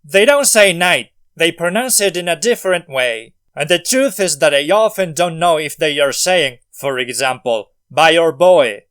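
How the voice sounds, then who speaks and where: Smooth-voiced man narrating a language lesson. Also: fairly high pitch, lively intonation, normal speed, hardly any pauses, fairly bright tone. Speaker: language video host. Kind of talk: scripted educational narration.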